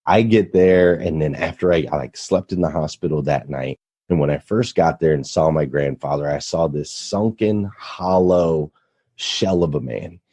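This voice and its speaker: A man's voice: very deep voice, normal speed, warm tone, breathy edge. A man telling a personal story as a podcast guest, earnest and motivational, building to emphatic points. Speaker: radio show host, podcast guest.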